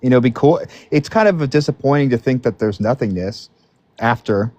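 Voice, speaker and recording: A man's voice: medium pitch, lively intonation, a little fast, a little mellow, no room sound. A man calling in to a debate stream, answering hesitantly with hedges and fillers. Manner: hesitant, hedging, many fillers. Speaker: caller. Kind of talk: casual chat.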